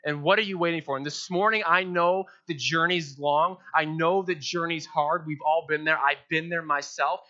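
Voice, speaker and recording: A young man preaching a sermon as pastor, animated, acting out quoted prayers in playful voices. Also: a little high, moderate pace, few pauses. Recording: dull lo-fi sound.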